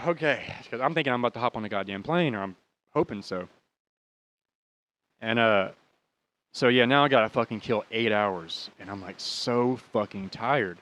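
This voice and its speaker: A man's voice: medium pitch, normal speed, a bit bright. An American man in his thirties casually telling a rambling, profane story and laughing at his own bad luck. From United States. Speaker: podcast host.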